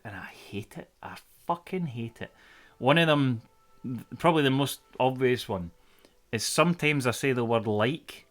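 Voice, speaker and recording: A man's voice: medium pitch, fairly bright tone. A man in his thirties with a Scottish accent from the central belt, telling rambling, sweary stories in casual chat on a live stream. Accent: Scottish, central belt between Glasgow and Edinburgh. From Scotland.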